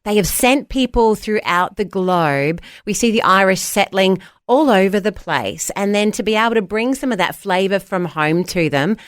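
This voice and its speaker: A woman's voice: mid-range voice, lively intonation, normal speed, few pauses, dry recording, clean studio sound. Cheerful woman radio co-host. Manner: cheerful, affirming. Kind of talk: breakfast radio chat.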